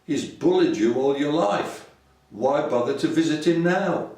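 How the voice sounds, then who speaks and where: A man putting on a gruff old Yorkshire roughneck. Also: on the high side, measured pace, a little mellow, voice pushed up. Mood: scornful. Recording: echoey room from far off.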